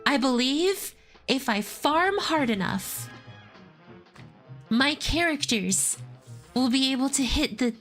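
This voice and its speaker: A woman with a high voice gives live commentary on a game she is playing. She chats and laughs freely and often reads the characters' lines aloud in playful put-on voices. Faint music plays behind her. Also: lively intonation, slow pace, long pauses, a bit bright. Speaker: streamer.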